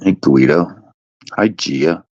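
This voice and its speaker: A man hosts a casual livestream in a low, slow, somewhat dark voice, rambling and swearing while teasing his chat in a lazy sing-song. The stream audio is dull and lo-fi.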